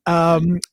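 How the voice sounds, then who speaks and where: A man's voice: fairly high pitch, vocal fry, a bit bright, husky, no room sound, studio quality. A man co-hosting a casual film review, retelling the plot in a rambling way with restarts.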